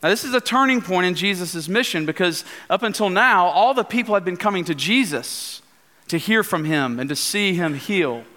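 A male pastor giving an earnest sermon in a church, at times slowing into a hushed prayer. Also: sits high, expressive. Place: church sanctuary. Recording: church hall reverb.

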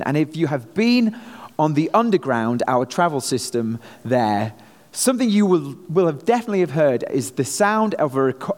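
A man with a Manchester English accent preaches a sermon as a visiting missionary pastor, slipping light jokes between his points. His voice sits a little high. The sound carries a long reverb from a large hall. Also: a little mellow. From England.

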